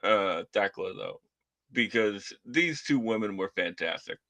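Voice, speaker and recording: A man with a Boston accent co-hosting a wrestling podcast in casual chat, stammering and halting with many fillers. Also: on the low side, animated, pushed and bright, dry recording.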